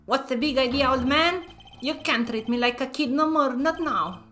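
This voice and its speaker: A woman voicing a brash young male gangster with a put-on Russian-sounding accent, loud and swaggering. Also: high-pitched, moderate pace, faint music behind. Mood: cocky.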